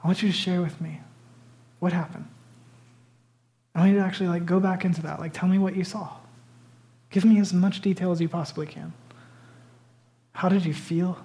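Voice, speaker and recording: Male pastor, sermon, dramatic storytelling, loud bursts, hushed whispers. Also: high-pitched, steady tone, brisk, long pauses.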